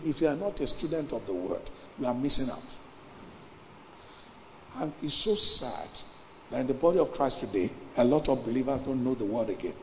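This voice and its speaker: A man preaching a sermon, emphatic, repeating his phrases and building up to shouts. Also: mid-range voice, slight background noise. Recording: reverberant hall, dull lo-fi sound.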